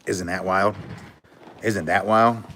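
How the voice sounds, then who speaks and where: A man chatting on a casual livestream with a fairly low voice. He talks bluntly and frankly, swears freely, and comes across as earnest and emotional. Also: fairly even intonation, takes it slowly, fairly bright tone, a little hiss or hum. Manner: blunt, outspoken, cursing freely. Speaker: livestream host. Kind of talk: casual livestream chat, reading viewer comments.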